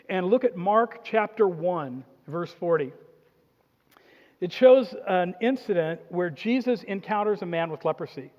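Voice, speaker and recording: Animated high-voiced preacher in a hall. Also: male voice. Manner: animated, jokey preaching with acted-out quotes. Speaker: pastor. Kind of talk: sermon. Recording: dull sound, long hall reverb.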